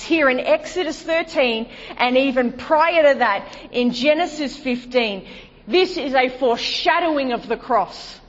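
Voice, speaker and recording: A woman's voice: expressive, a little slow. Woman preaching in a reverberant hall. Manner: emphatic, rhetorical questions, shifts to hushed low delivery. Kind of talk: sermon. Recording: dull sound with long hall reverb.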